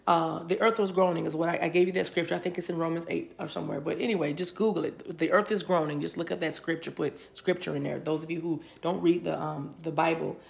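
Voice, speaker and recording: Recorded for a video, a spiritual reader gives a rambling, channeled reading, repeating words as they come to her. Her voice is low-pitched and creaky with fairly even intonation, and she talks fast with hardly any pauses.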